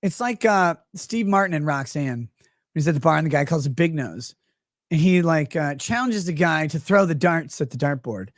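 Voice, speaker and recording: With an expressive voice on the high side and a moderate pace, this livestream host delivers casual, rambling, profane commentary and reads out messages from chat. The studio sound is clean and the recording dry.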